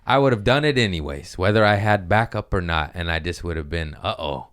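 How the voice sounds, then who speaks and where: A man's voice: deep voice, lively intonation, a little fast, fairly bright tone, clean tone. A man hosting a podcast, casually telling a rambling, profane story about his comedy gig.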